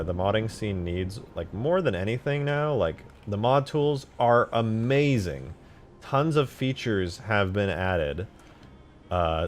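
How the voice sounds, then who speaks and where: A man casually chatting on a live stream about modding a game, excitable and profane, with sudden loud outbursts. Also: on the low side, slight background noise. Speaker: game modder streaming his work.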